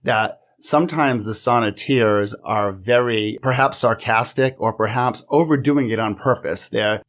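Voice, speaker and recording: Mid-pitched male co-host, playful and chatty, slows down for a read-aloud. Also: a bit bright. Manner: playful, reads his own poem aloud slowly. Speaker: podcast co-host. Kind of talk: casual podcast chat.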